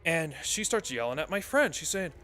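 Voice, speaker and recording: A man's voice: fairly high pitch, sing-song, moderate pace, sharp tone, soft background music. A young man streaming a game, telling a rambling story with frequent laughter and casual swearing.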